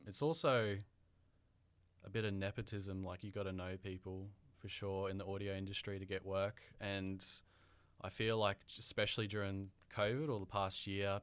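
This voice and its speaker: A man's voice: lowish voice, smooth, no echo. A young man with a mild Australian accent, a guest on a podcast, talking casually with lots of fillers and restarts. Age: young adult. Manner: hesitant, filler-heavy, rambling. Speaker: guest audio engineer.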